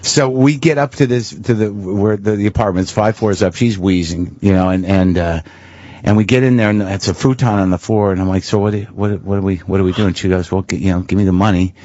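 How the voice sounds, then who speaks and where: On a dull, lo-fi radio broadcast, a male comedian appears as a talk show guest, sharing frank, self-deprecating stories with frequent restarts and swearing. He speaks briskly in a fairly low voice with a warm tone.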